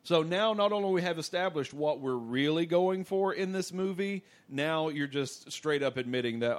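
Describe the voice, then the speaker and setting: A man co-hosting a casual movie podcast, his voice sitting a bit higher than most. He walks through the plot step by step and slips into mock quotes of the characters. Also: expressive, moderate pace, hardly any pauses. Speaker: podcast co-host. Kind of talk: casual movie-review chat.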